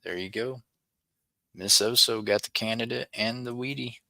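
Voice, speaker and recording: Chatty man, bright and dry. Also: mid-range voice, moderate pace, gravelly, dry recording. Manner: chatty, apologetic, excitable over finds. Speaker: livestream host searching coin rolls. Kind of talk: casual livestream chat with viewers.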